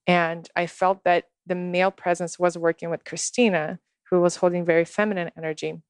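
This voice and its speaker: Woman guest, low-ish voice, earnest unhurried storyteller, dry close sound. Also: little pitch movement, clear, resonant tone, no echo. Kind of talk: personal storytelling in conversation.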